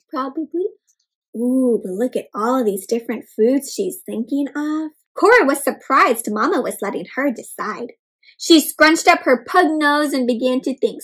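A young adult woman with a high voice reads a picture book aloud to children. She stops often to ask questions and gasps with excitement. Her delivery is animated and engaging. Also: breathy edge. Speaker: children's storyteller. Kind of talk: interactive read-aloud for kids.

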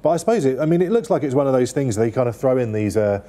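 A man's voice: mid-range voice, expressive, quick pace, mellow. A man reviewing newspaper stories in casual chat, rambling with many fillers and restarts.

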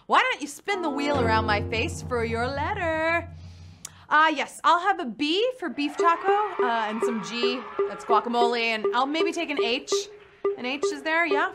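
A woman's voice: sits high, noisy background. A young woman hosting a live quiz show, playful and punny, chatting with her players. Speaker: game show host. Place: studio in New York.

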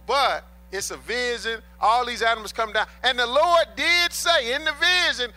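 A man's voice: very high-pitched, moderate pace, hardly any pauses, sharp tone. A man preaching a sermon in an emphatic, colloquial way, repeating his key points and addressing the congregation as brothers and sisters. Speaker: pastor.

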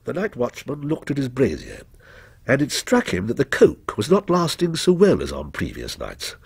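A man narrating a ghost story in a measured, expressive storytelling manner. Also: medium pitch, vocal fry, breathy edge, dry recording. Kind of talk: scripted ghost story reading.

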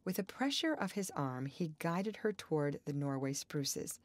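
A woman narrates a classic novel as an audiobook reader. Her delivery is measured and expressive, and her voice sits a little low. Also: no echo. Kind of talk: scripted narration.

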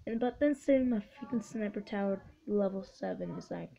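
A woman giving excitable, swearing let's-play commentary, cheering on her units. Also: mid-range voice, a little fast, gravelly. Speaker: gamer. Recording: dull lo-fi recording with faint hiss.

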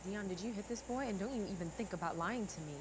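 A woman's voice: medium pitch, quick pace, noisy background, lightly acted. An actress playing a mother in a TV drama, firm and protective, pleading for her son. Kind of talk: TV drama acting.

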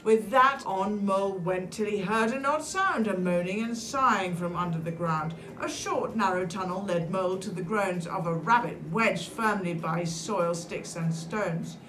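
An older British woman reads a rhyming children's story aloud with animated expression and dramatic gasps. Her voice sits at a middle pitch and the room gives a noticeable echo. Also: measured pace, hardly any pauses, noisy background. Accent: British English. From England. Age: 60s. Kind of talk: reading a rhyming picture book aloud. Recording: echoey room.

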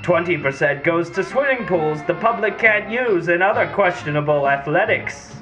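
A man's voice: sits high, expressive, normal speed, few pauses, low-quality recording. Sarcastic man narrating over music. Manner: sarcastic, mock-patient. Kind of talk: mock-educational sketch narration. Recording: music playing under the voice.

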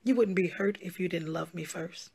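A woman's voice: lowish voice, moderate pace, vocal fry, a little mellow, husky. A woman pastor speaking straight to her followers in a video, emphatic and pleading, and she often repeats herself. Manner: emphatic, pleading, repetitive, calls listeners "y'all" and "honey". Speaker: pastor and gospel singer. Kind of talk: direct-to-camera social media address.

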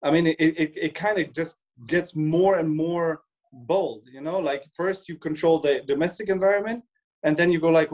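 A man's voice: on the high side, normal speed, a little mellow, low-quality recording. A man co-hosting a casual discussion, thinking aloud with many restarts and acting out imagined quotes. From Germany. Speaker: co-host.

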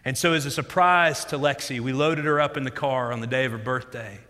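A man in his thirties preaching a sermon as a pastor, telling stories in an animated way that moves between loud emphasis and quiet reflection. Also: medium pitch, fairly quick. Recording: long hall reverb.

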